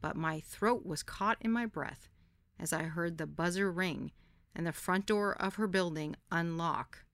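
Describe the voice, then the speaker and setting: Woman podcast host, candid memoir reading, low voice, dry close sound. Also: a little slow, no room sound. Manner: candid, lively storytelling. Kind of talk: first-person memoir narration.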